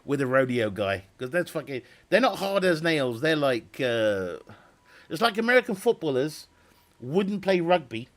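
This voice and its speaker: A man's voice: a little high, very animated, normal speed. A man chatting casually with viewers on a live stream, rambling, swearing freely and laughing often.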